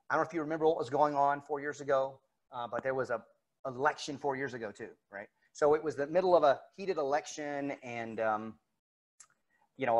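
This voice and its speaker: A middle-aged man preaches in a relaxed, conversational way, weaving a personal story into his sermon. He acts out the back-and-forth dialogue as he goes, in a voice of ordinary male pitch. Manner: conversational, retells dialogue with quotes. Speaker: pastor. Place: church sanctuary, recorded for online service.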